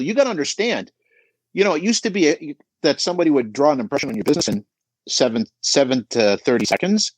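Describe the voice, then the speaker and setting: Emphatic man coaching, lively pitch. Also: breathy edge, no echo. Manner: emphatic, coaching, frequent "right?". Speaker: business coach guest. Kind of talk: podcast advice talk.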